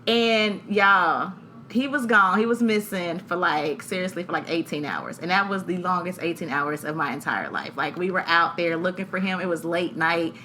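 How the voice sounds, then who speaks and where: Animated woman telling a story, bright tone. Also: lowish voice, normal speed, a little hiss or hum. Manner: animated, acts out voices, laughs often. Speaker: podcast co-host. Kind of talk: casual storytelling chat.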